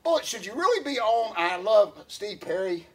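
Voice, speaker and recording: A man's voice: high voice, big pitch swings, normal speed, husky. A man, co-hosting a casual podcast chat, rambling with lots of fillers and restarts. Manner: rambling, many fillers and restarts, laughs often. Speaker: podcast co-host.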